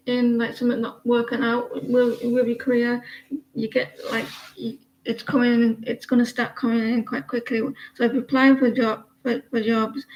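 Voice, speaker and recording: A woman's voice: a little high, a little mellow, muffled recording. A woman giving a casual livestream tarot reading, rambling and chatty as she talks to viewers by name. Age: adult with a daughter. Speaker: tarot reader.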